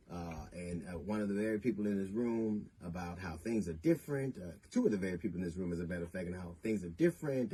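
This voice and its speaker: A middle-aged man, a comedian, giving a deliberate, emphatic public statement that builds to indignation. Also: fairly low pitch, a little mellow, slightly rough. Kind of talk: public statement answering accusations.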